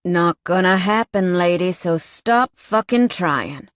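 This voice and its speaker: A woman's voice: on the low side, expressive, slow, no room sound, studio quality. A woman voicing a cocky teasing male biker. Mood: gruff. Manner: teasing drawl, calls her sugar.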